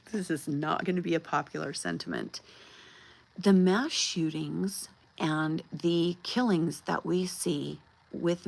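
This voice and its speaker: A woman's voice: lowish voice, vocal fry, low-quality recording. A woman in her fifties hosting a livestream, talking bluntly and emphatically and swearing freely. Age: 50s. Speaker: host. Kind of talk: impassioned livestream monologue.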